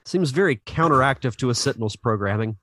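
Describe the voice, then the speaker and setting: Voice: mid-range voice, animated, fast, a bit bright, no room sound. A podcast co-host making wry, playful remarks in casual commentary.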